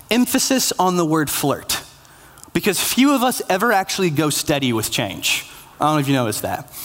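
A pastor preaching a conversational, self-deprecating sermon to a church congregation, with frequent restarts and playful asides. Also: male voice, high-pitched, fairly bright tone. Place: church with online audience.

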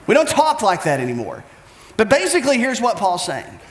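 A man's voice: high-pitched, wildly swooping pitch, a little fast, echoey room. A man preaching a sermon as pastor, with an emphatic, repetitive cadence.

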